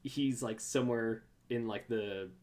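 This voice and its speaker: Excitable chatty podcast host. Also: mid-range voice, a little slow. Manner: excitable, rambling with many fillers. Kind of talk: casual fan chat.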